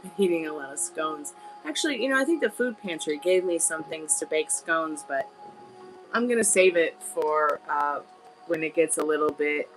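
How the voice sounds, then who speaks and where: A woman's voice: deep voice, poor audio. A woman hosting a live tarot stream, telling a rambling story in a chatty, casual way. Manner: chatty, rambling, with filler words. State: on a crutch.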